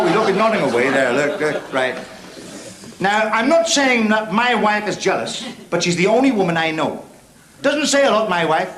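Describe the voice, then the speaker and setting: An actor playing a cocky, crude male stand-up comic with a Belfast accent, delivering bawdy patter to a club audience in a television drama. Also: a little high. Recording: echoey room with loud background noise.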